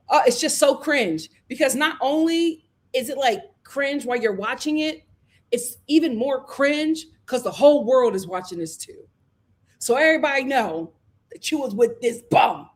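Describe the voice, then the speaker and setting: High-pitched, sassy woman commentator. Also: moderate pace. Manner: animated, sassy, swinging between shouts and low asides. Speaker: commentary channel host. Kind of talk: casual reality-show commentary.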